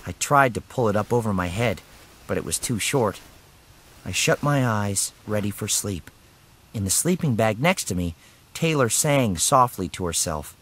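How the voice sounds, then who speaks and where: A man reads a children's story in the first person, with his pitch rising and falling a lot. His voice is bright and clear, and he plays up every moment of suspense. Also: moderate pace. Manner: expressive and animated. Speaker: audiobook narrator. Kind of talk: scripted first-person narration.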